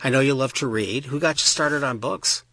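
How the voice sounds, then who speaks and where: A man's voice: mid-range voice, moderate pace, sharp tone, no room sound. A man hosting a broadcast interview with students, effusive and repeating words for emphasis. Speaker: interview host.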